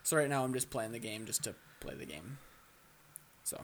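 A young man co-hosting a casual gaming chat show, telling stories excitedly, with lots of restarts and swearing. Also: mid-range voice, moderate pace, creaky. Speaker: co-host.

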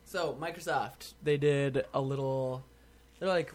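A man co-hosting a podcast, talking tech news in a relaxed, wry way with quick asides. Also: medium pitch. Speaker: podcast co-host. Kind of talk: casual tech chat.

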